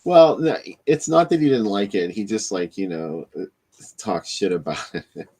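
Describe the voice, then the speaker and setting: A man co-hosting a podcast, chatting in a relaxed, slightly halting way about horror movies and his magazine. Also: fairly low pitch, breathy edge. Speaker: podcast co-host and magazine editor.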